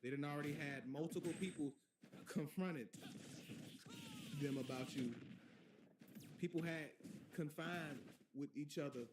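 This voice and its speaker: A man's voice: fairly high pitch, unhurried, long pauses, background noise. A man from the Midwest streaming, talking in a repetitive, preachy casual monologue full of "bro" and "boy".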